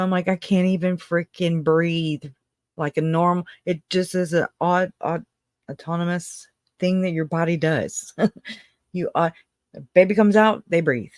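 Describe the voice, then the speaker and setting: A livestream host talks loosely to viewers and reads out their comments in a rambling, emotional way, often breaking into laughter. The pitch sits at a middling level. The recording is dry and close, with no room echo. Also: unhurried, darkish tone. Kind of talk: casual livestream chat, reading out viewer comments.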